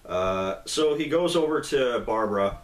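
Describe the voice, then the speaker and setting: A man's voice: medium pitch, moderate pace. Casual man retelling a comic, echoey room. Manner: relaxed, rambling, fillers and acted-out quotes in a raised voice. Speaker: comic book reviewer, co-host.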